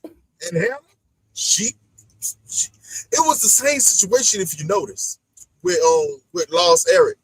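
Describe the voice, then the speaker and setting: A man with a strikingly high voice that leaps all over the place as he recaps a dating show. His tone is gravelly with a husky edge. The sound is dry and close, and he plays out each person he describes. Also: measured pace, pauses often, no room sound, poor audio. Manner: animated, acts out the people he talks about. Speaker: podcast host. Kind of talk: casual reality-show recap chat.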